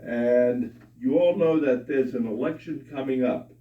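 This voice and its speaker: A man telling jokes to a live audience with a slow, deliberate delivery. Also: mid-range voice. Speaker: joke teller. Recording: echoey room from far off, dull sound.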